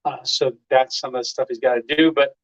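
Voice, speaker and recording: A man's voice: mid-range voice, fairly even intonation, a little fast, dull audio. A middle-aged man hosting a casual live stream, telling rambling stories full of "uh" and chuckles. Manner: rambling storyteller, lots of "uh" and chuckles.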